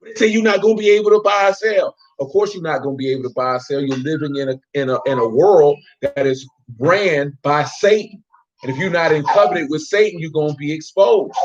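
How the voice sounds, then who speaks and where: A man's voice: fairly high pitch, muffled recording, a little hiss or hum. A man teaching an informal Bible study, talking in slang and quizzing listeners by name. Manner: slangy, street-talk preaching.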